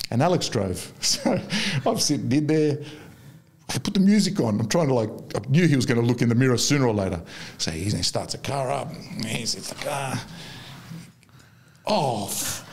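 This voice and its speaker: Gravelly man in his fifties. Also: medium pitch. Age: 50s. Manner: rambling anecdotes with frequent restarts and laughter. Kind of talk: casual storytelling chat.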